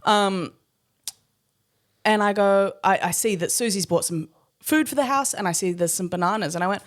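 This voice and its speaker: A woman co-hosting a podcast, telling an animated story in casual chat, laughing and swearing as she goes. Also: mid-range voice, normal speed, long pauses. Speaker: podcast co-host.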